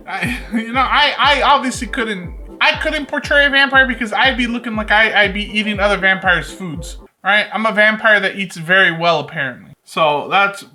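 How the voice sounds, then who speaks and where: A young man with a bright, forceful voice riffs through a casual reaction commentary. He rambles, restarts and jokes directly to his audience. Soft music plays faintly underneath. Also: sits high, normal speed, few pauses. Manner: joking, rambling, talks straight to viewers. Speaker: reaction video host. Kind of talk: casual commentary reacting to a reality show clip.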